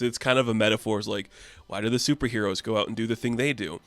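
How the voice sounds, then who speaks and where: A man's voice: on the low side, steady tone, quick pace, a bit bright, no echo. A man recapping a comic book in a casual, offhand and chatty way, full of fillers.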